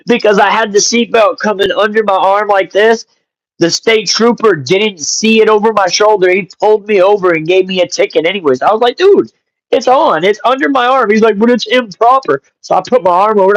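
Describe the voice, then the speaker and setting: A man hosting a casual live stream, greeting chat viewers by name and telling stories in an animated, joking way with some swearing. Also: high-pitched, no echo, highs cut off. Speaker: livestream host.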